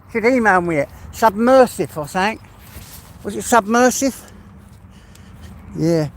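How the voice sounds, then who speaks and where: Out in the fields with his dog, this English-accented man chats with viewers on a phone livestream, cursing occasionally. His voice is high, with lively intonation and a measured pace.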